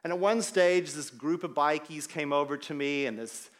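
A middle-aged man, a pastor preaching a sermon and telling stories in an animated way. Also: on the high side, normal speed. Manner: animated storyteller, acts out quoted voices. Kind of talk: sermon with personal anecdote.

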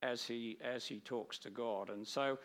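A middle-aged man preaching with slides, talking in a lively way with many restarts and acted quotes. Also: medium pitch, unhurried. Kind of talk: sermon with slides.

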